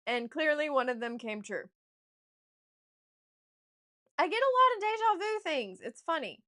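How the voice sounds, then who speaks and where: A young woman author chatting casually to her stream viewers, telling an animated, gushing story with restarts. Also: sits high, measured pace. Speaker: author streaming a writing session.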